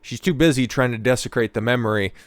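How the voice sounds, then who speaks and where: A man's voice: medium pitch, quick pace, no room sound. A man hosting a reaction commentary, ranting with heavy profanity and sarcasm. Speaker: commentary channel host.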